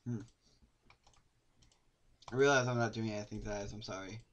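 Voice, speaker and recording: A young man streaming a game, joking and swearing, with sudden loud outbursts. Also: on the low side, fairly even intonation, normal speed, lo-fi sound. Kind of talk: casual gameplay commentary.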